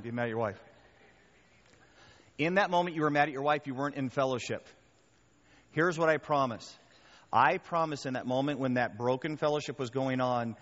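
A male pastor preaching a sermon in a conversational, animated way, often checking in with the crowd. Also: medium pitch. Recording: reverberant hall, dull muffled sound.

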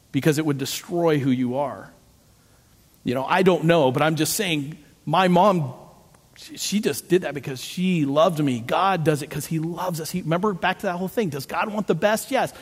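A middle-aged pastor preaches a sermon, animatedly telling stories, acting out voices and making jokes at his own expense. His voice is a little high with a breathy edge. Long hall reverb colors the recording.

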